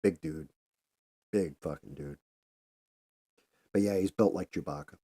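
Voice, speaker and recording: A middle-aged man talks in a loose, profane, rambling way, restarting his sentences as he tells a story. His voice sits very low and dark. The sound is dry and close, with no room around it. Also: unhurried, no echo. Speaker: podcast host. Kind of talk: casual monologue.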